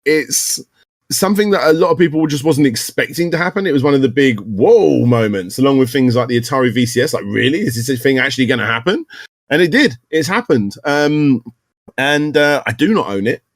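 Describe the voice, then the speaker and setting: A man's voice: a little high, animated, brisk, no echo, clean studio sound. Rambling British man hosting a gaming podcast. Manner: rambling, self-correcting, upbeat. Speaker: podcast host. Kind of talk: casual gaming news chat.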